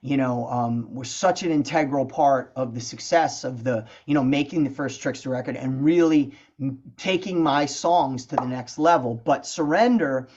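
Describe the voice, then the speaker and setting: A middle-aged man, a guest songwriter, telling stories in a casual interview, chatty and animated, filling his talk with "you know" and "man". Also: mid-range voice, normal speed. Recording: dull lo-fi sound.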